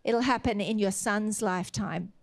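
A woman's voice: mid-range voice, normal speed, vocal fry. A woman preaching a sermon, retelling scripture with earnest, exhorting emphasis.

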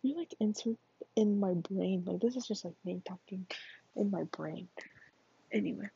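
A teenage girl talks in a whispered role-play, her voice airy and breathy. She rambles through her story in a chatty, offhand way. The recording is dull and muffled. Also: mid-range voice, moderate pace, long pauses, warm tone. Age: teens. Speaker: vlogger.

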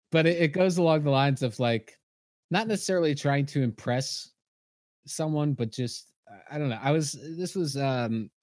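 Animated man telling profane anecdotes, dry sound. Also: on the high side, measured pace, pauses often, no room sound. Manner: animated, profane storyteller who acts out quotes. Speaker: podcast co-host. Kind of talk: casual storytelling chat.

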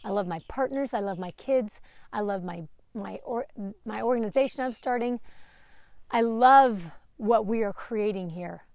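A woman's voice: medium pitch, moderate pace, gravelly, a little mellow, no echo. Candid woman in her late thirties. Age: 30s. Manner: open, emotional, swears freely. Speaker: podcast host. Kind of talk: candid personal monologue.

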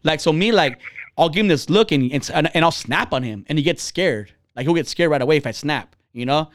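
A man's voice: a little high, fairly quick, no echo, clean studio sound. A man hosting a podcast, telling personal stories in a blunt, profane, heated way. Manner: animated and heated. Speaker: podcast host. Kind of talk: casual chat.

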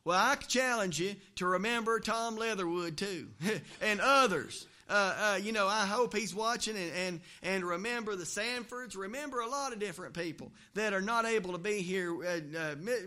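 A man's voice: sits high, pushed and bright. A male pastor, preaching a sermon in a folksy, conversational way with joking asides in a church. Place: church, also livestreamed.

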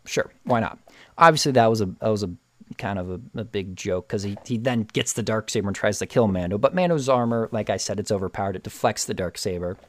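A man casually retelling a TV episode with excitement, often restarting and repeating words. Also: fairly low pitch, fast talker, no echo. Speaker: show recap host.

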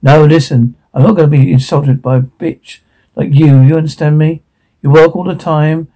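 A man's voice: on the high side, fairly even intonation, moderate pace, warm tone, low-quality recording. A man playing a bitter, insulting date. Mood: contemptuous. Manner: bitter, accusing.

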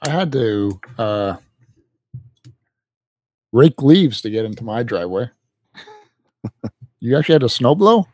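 A man's voice: mid-range voice, big pitch swings, measured pace, long pauses, darkish tone, no room sound. A man who is a parent, co-hosting a casual podcast and teasing his partner in playful banter. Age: 30s to 40s, a parent. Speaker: podcast co-host. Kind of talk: casual chat.

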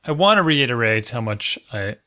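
A man's voice: mid-range voice, sing-song, moderate pace, pushed and bright. Rambling, self-deprecating man in casual chat. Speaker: podcast co-host.

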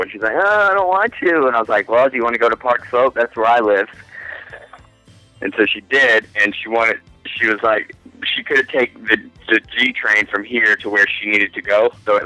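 A man's voice: on the low side, sharp tone, dry recording, poor audio. A man in his twenties, a podcast guest, telling a long rambling story in casual, profane chat with frequent laughs.

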